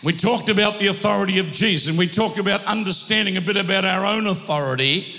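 A male pastor preaching a sermon with a strained throat, exhorting in loud bursts with humorous asides. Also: high-pitched, quick pace, big-room sound.

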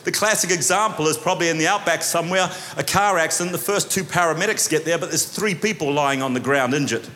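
A man from New Zealand with a New Zealand accent preaches with a high voice. He acts out voices and swings between loud shouts and quiet asides. His voice rings with a long reverb from the church hall. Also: quick pace, hardly any pauses. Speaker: pastor. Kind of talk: sermon.

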